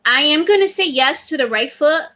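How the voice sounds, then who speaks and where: A woman's voice: high voice, lively intonation, normal speed, bright, forceful tone. A middle-aged woman hosting a casual live stream, chatting and thanking viewers as she reads their comments aloud. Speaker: livestream host.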